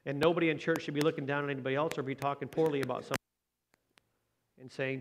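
A man's voice: on the high side, steady tone, quick pace, long pauses, a little hiss or hum. Man preaching a chatty sermon. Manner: conversational, tag questions to the congregation. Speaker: pastor.

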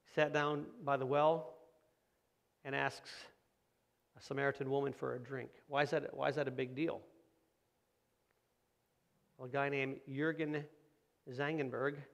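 A middle-aged man preaching in a relaxed, conversational way, with a gravelly rasp in his slightly high voice. He poses rhetorical questions to the congregation and slips into quoted voices to make his points. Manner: acts out quoted voices of kids and parents. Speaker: pastor. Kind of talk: sermon.

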